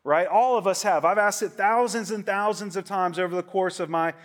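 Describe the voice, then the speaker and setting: A man in his late thirties, a pastor preaching a sermon in a relaxed, conversational way, joking and often asking his listeners "right?". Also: sits high, brisk. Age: 30s.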